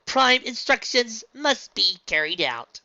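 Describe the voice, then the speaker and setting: A man voicing a cold, calm machine monster that speaks slowly in a flat, mechanical way, in a dull lo-fi recording. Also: very high-pitched, dry recording, pitched above the performer's own voice, full character voice.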